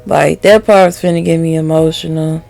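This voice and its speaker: A woman's voice: low-pitched, steady tone, normal speed, vocal fry, a little mellow, soft background music. A woman reviewing a TV episode to camera in a candid, heated, profane way, laughing often. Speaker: TV show reviewer. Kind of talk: casual video review.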